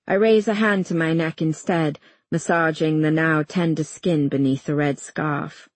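A woman's voice: deep voice, fairly even intonation, unhurried, no echo. Woman narrating a tense audiobook. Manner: tense, urgent storytelling with voiced dialogue. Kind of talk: first-person fiction narration.

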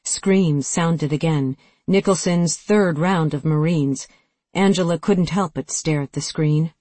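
A narrator reading a sci-fi action novel aloud, in steady, dramatic storytelling. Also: mid-range voice, no echo. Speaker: audiobook narrator. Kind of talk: scripted narration.

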